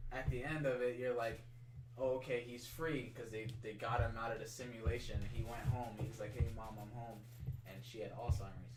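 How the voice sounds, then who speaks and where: A man's voice: lowish voice, roomy sound, far from the mic, poor audio. A man casually retelling a story at length, rambling with many "like"s and swears. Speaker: co-host.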